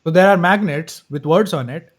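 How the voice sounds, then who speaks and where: A man co-hosting a casual live-stream chat, talking haltingly with frequent restarts and small laughs. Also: a little high. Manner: hesitant, many restarts and laughs. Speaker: podcast co-host.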